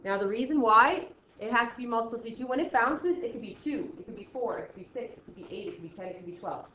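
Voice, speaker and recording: A woman's voice: a little high, animated, fast talker, bright, forceful tone. A woman teacher explaining math in a chatty way, often checking in with "okay?" and acting out student reactions. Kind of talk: recorded classroom math lesson. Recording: slightly dull, roomy recording.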